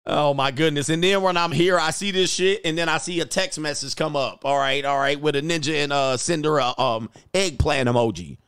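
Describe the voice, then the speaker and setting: A man's voice: fairly high pitch, brisk, hardly any pauses, a bit bright, smooth, no echo, clean studio sound. A man, hosting a casual livestream about dating, joking, laughing often and swearing freely. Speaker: dating coach streamer.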